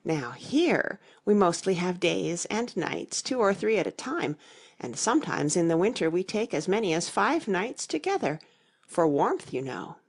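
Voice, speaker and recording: Woman voicing a gravelly, imperious old storybook queen, lecturing, lively pitch. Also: a little slow, exaggerated voice. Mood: haughty. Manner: haughty, lecturing, emphatic. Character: stern, bossy elderly queen, proud and severe.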